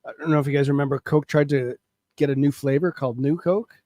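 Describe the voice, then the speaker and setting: A man's voice: medium pitch, fairly even intonation, quick pace, mellow, no echo. A man co-hosting a casual podcast, bringing up news items and explaining them. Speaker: podcast co-host. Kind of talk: casual chat.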